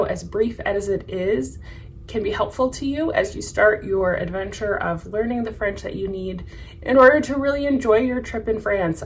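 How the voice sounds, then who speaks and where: Woman teaching beginner travel phrases, steady mid-pitched voice, demonstrates each one by repeating it. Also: rough recording. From United States. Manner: repeats phrases slowly for practice. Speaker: French language teacher. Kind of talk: casual language lesson.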